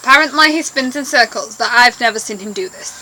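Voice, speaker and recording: A woman's voice: on the high side, fast, sharp tone, a little hiss or hum, rough recording. A woman chatting casually to camera as a vlogger, bossy and talkative toward her brother.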